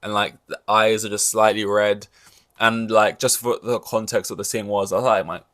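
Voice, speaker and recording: Rambling man with a lowish voice. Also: level tone, moderate pace, a bit bright. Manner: rambling, loose, peppered with "like" and swearing. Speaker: podcast host. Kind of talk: casual solo podcast chat.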